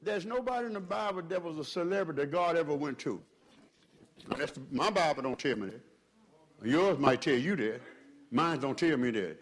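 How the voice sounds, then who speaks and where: Male pastor, fiery sermon delivery, swings between loud peaks and quiet stretches, slightly higher voice. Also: animated, normal speed. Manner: preaching with swells in pitch and volume, calls to the congregation.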